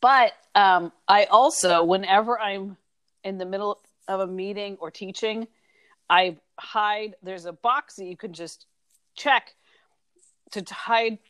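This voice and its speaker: A woman's voice: mid-range voice, a little slow, fairly bright tone, clean tone, dry recording. A woman co-hosting a casual podcast who has the hiccups and rambles, restarting her sentences. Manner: rambling, with restarts and self-interruptions. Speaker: podcast co-host. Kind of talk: casual book discussion.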